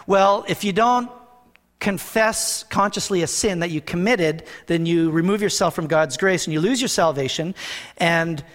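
A man with a high voice delivers a sermon from the pulpit. He talks to the congregation in a plain, earnest way and slows down to stress the scripture he reads. His voice carries a long reverb from the church sanctuary. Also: a bit bright. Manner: earnest, conversational preaching with slow emphatic scripture reading. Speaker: pastor.

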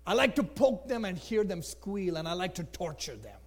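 A man voicing a cruel little boy who taunts and gloats in a low, quiet voice while telling a story. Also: very animated, normal speed, big-room sound, full character voice. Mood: gloating. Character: cruel mocking little boy torturing birds.

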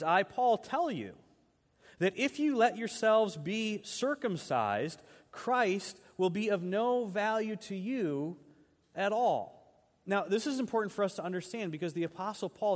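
A man preaching with a fairly high voice, speaking to his congregation in a relaxed, conversational way. When he reads scripture he leans hard on the words. His voice carries a long reverb from the church hall. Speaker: pastor. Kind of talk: sermon.

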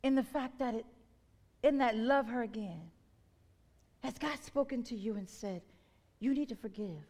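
A woman's voice: on the high side, measured pace, long pauses, darkish tone. A woman preacher delivering an impassioned sermon, her voice swelling and dropping as she calls out questions to the congregation.

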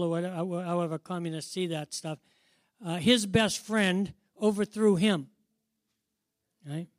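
A middle-aged male preacher with a fairly high voice delivers a sermon as easy storytelling. He keeps turning to his listeners with questions and chuckles at his own anecdotes. The sound is dry and close, with no room echo. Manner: conversational, questions the audience, chuckles at own stories.

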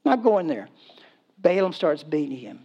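A man's voice: fairly high pitch, measured pace, creaky, highs cut off. A man preaching a sermon in a casual, humorous storytelling way, acting out voices and laughing as he goes. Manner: acts out voices in quotes, animated. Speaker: pastor.

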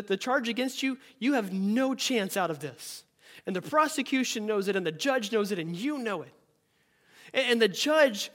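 A man's voice: very high voice, fairly bright tone. A male pastor preaching a sermon, reading scripture aloud and telling stories in an earnest voice.

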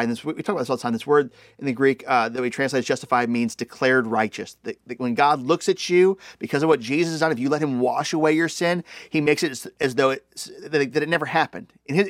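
A man preaching a sermon in a loose, conversational way, swinging between excited bursts and hushed, slower stretches. His voice sits slightly high, and the sound is dry and close. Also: no echo. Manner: conversational, animated, many "like" fillers. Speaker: pastor.

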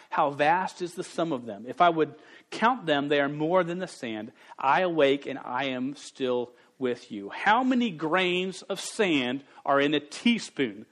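A man in his forties preaching to a youth group in a slightly higher voice. He speaks with a stutter, often repeating the first syllable of a word. His delivery is earnest and candid. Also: a bit bright. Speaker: youth pastor. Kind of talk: sermon.

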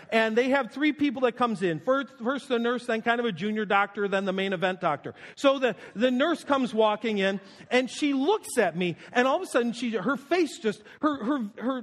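A man's voice: high-pitched, fairly bright tone, in a large hall. A male pastor preaching and praying in a casual, self-deprecating storytelling manner in a church. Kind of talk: sermon with prayer and announcements. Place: church sanctuary.

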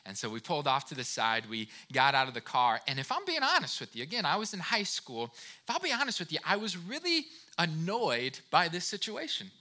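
Man, motivational talk, very animated pitch, earnest, addresses listener directly, repeats words. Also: brisk. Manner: restarts and repeated words while storytelling. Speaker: speaker of a talk series. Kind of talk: motivational talk with personal stories.

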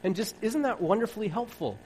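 A man's voice: high-pitched, lively intonation, quick pace, a little mellow, slight background noise, rough recording. A man preaching a sermon in a wry, conversational way, acting out bits of dialogue.

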